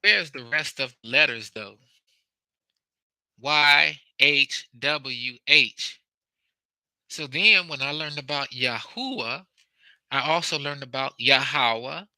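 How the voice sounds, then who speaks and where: A young adult man in a casual teaching talk, speaking deliberately and playing with his voice's inflections to make points. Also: medium pitch, sharp tone, no room sound, low-quality recording. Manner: slow, deliberate, demonstrative with vocal inflections. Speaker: host.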